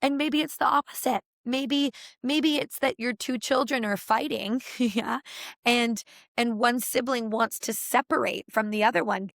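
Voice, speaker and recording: A woman who is a podcast guest, explaining ideas in an animated, expressive conversational way. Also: fairly high pitch, unhurried, vocal fry, no echo, clean studio sound. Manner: animated and expressive, with gasps and laughs.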